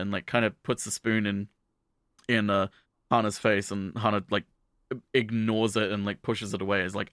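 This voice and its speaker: A man's voice: lowish voice, brisk, fairly bright tone, dry recording, clean studio sound. A man casually recapping an anime episode as a podcast co-host, rambling with many restarts and fillers. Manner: quotes characters in offhand voices.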